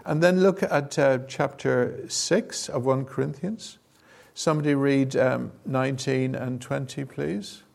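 A man with a gravelly edge to his voice, preaching in a relaxed, chatty way. He wanders into asides, uses fillers, and calls on the audience to read verses aloud. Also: mid-range voice, unhurried. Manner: conversational, digressive, with fillers and asides. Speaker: preacher leading a Bible teaching session. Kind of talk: informal sermon with audience participation.

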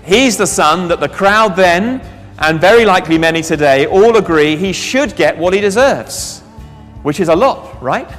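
A man preaching a sermon, telling a Bible story with lively asides and questions to the congregation. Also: sits high, normal speed, faint music behind. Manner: animated storytelling, reads scripture aloud, asks the congregation questions. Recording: long reverb of a large hall.

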